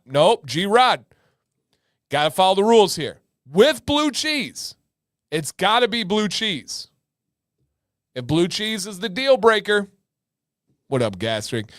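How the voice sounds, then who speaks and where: A man hosting a livestream in casual chat, energetic and talkative, often repeating words for emphasis. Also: high-pitched, dry recording, studio quality. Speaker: livestream host.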